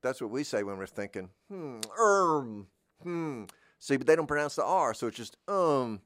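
A middle-aged man with a Southern American accent, hosting a rambling comedic monologue in a deadpan, meandering way and drifting into goofy voices. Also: mid-range voice, quick pace, no room sound. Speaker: podcast host.

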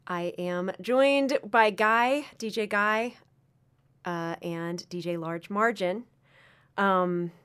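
A woman's voice: mid-range voice, slow, a bit bright, smooth. A woman over thirty-five hosting a casual radio show, chatty and full of fillers. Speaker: radio host.

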